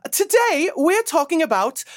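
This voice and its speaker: A man putting on a prim, exaggerated posh English woman in a high falsetto with a British accent, hamming up catchphrases. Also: big pitch swings, a little slow, full character voice. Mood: hammy, prim. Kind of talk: parody impression.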